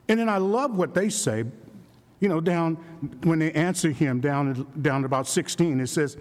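A man preaching a sermon with animated delivery and frequent rhetorical questions, dropping low and slow when he quotes. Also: big-room sound. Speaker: pastor.

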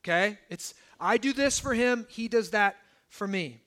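A pastor in his thirties preaches to his church, mixing scripture with lively personal stories. His voice sits very high for a man and rings bright and forceful, and he keeps checking in with his listeners. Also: a little slow. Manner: animated storytelling, asides like "okay?".

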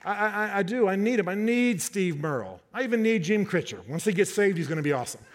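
A man preaching a sermon to a congregation, animated and joking, often repeating and restarting his words. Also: high voice, quick pace. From Southern United States, half his family.

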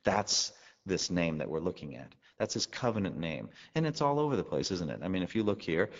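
A man's voice: low voice, sing-song, a little fast. A man preaching a sermon to a congregation, teaching conversationally and asking the listeners rhetorical questions. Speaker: pastor. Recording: long reverb, dull lo-fi sound.

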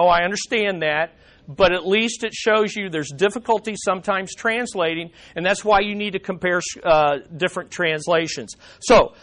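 A man's voice: high voice, fairly bright tone. A man teaching a Bible study lesson in a conversational way, with dry humorous asides and frequent restarts.

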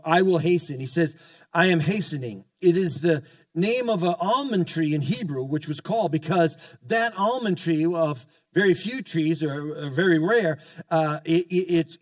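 Heard from far off the mic, a man with a fairly high voice preaches fervently as a pastor, with call-outs to the congregation and many restarts. There is no echo.

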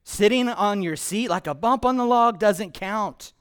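Pastor, male, high voice, playful humorous sermon, dynamic hushed-to-loud emphasis. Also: unhurried, clean tone. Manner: joking, playful asides mixed with preaching; shifts between hushed and loud emphatic delivery.

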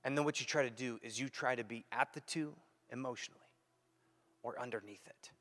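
A pastor preaching a sermon, acting out quoted dialogue and swinging between loud and hushed delivery. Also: male voice, medium pitch, brisk. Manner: animated, acts out quoted dialogue. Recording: long hall reverb.

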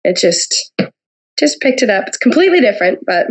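A woman's voice: mid-range voice, big pitch swings, a little fast, husky, poor audio. A woman with an American accent touched by a slight Scottish lilt tells her story as a podcast guest. She talks in a chatty, open way and often laughs between her sentences. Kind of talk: casual conversation.

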